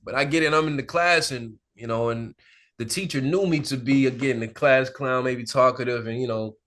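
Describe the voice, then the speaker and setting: A male actor as an interview guest, telling candid stories in a relaxed, animated way, often laughing and acting out the people he quotes. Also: medium pitch, normal speed. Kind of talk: candid conversational storytelling. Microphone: sit-down interview mic.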